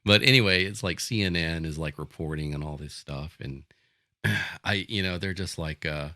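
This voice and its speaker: Co-host type, man with a very deep voice, rambling anecdotes, dry close sound. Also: normal speed, bright, forceful tone, dry recording. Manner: rambling, chatty. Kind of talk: casual storytelling.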